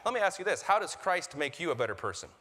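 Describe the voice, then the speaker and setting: A pastor delivers a sermon in a lively, conversational way, breaking into quoted voices along the way. His voice sits a little high for a man. The sanctuary adds a long, ringing reverb. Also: quick pace. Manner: animated preaching, acts out quoted voices, laughs at own jokes. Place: church sanctuary. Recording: reverberant church hall.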